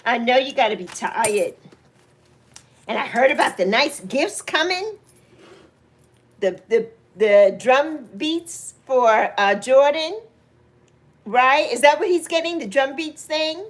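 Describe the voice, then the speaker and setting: A woman's voice: high voice, lively intonation, takes it slowly, long pauses. A woman in her sixties from New York, chatting casually and teasing viewers by name on her livestream, laughing often. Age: 60s. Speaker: livestream host.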